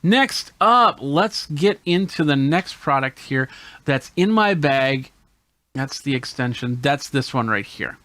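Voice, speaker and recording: Male tech host, mid-pitched, casual hands-on gadget walkthrough, dry close sound. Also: expressive, slow pace, pushed and bright, no room sound. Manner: explains hands-on while demonstrating gadgets. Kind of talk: casual gear demo.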